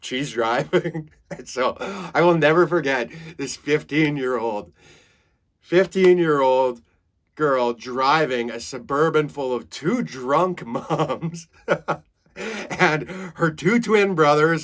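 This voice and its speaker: A man in his thirties from Saskatchewan hosts a comedy podcast. He tells stories in a casual, animated way, laughs at his own jokes and swears freely. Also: on the high side, slow pace. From Saskatchewan, Canada. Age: 30s.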